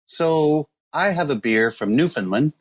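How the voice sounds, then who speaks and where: A man's voice: on the high side, animated, measured pace, a little hiss or hum. A man co-hosting a casual podcast, telling a rambling story about a beer with lots of ums and uhs. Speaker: podcast co-host presenting a beer. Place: calling in from abroad.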